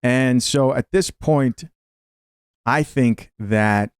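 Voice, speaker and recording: A man's voice: medium pitch, very slow, clear, resonant tone, no echo. A man in a dry, close-sounding room delivers casual, opinionated commentary on a clip. He talks straight to his viewers and reads their comments aloud between his takes. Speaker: reaction video host. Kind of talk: casual commentary reacting to clips.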